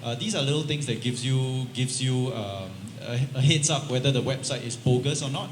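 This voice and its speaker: A man's voice: medium pitch, moderate pace. A man on a panel giving advice hesitantly, with many fillers. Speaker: panel speaker. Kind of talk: panel discussion answer. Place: large event hall. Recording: echoey hall, faint noise.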